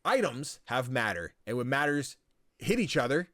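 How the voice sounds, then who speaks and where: A man at a mid pitch talks through a game's story in loose, rambling podcast chat, peppered with "like" and frequent swearing. His voice sits close and dry, with no room sound around it. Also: big pitch swings, moderate pace, a bit bright, no echo. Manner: rambling, swears freely, lots of likes and ums. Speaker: podcast co-host. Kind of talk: casual game recap chat.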